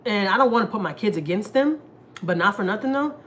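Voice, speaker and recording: A woman's voice: mid-range voice, animated, fast talker, a bit bright, a little hiss or hum. A woman, chatting candidly on a family vlog livestream and venting about family troubles, swearing freely. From Houston, Texas. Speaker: family vlogger. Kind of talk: casual live-stream chat.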